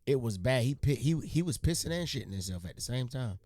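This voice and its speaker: A man hosting a casual reaction video, talking in excitable, laid-back slang. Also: medium pitch, quick pace. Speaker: reaction channel host.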